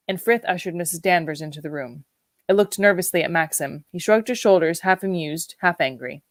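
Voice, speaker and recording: A woman narrates a novel in a measured, reflective audiobook reading. Her voice sits fairly low and is recorded close and dry, with no room echo. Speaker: audiobook reader.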